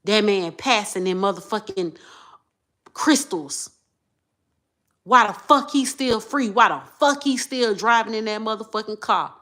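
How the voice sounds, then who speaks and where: A woman, talking straight to her viewers in an emotional monologue. She repeats herself and swings from low muttering to loud outbursts. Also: lively intonation, unhurried. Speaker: vlogger.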